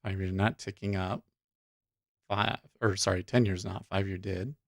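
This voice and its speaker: A man hosting a day trading livestream, thinking aloud in halting, self-interrupting remarks as he watches the market. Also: deep voice, steady tone, creaky, dry recording.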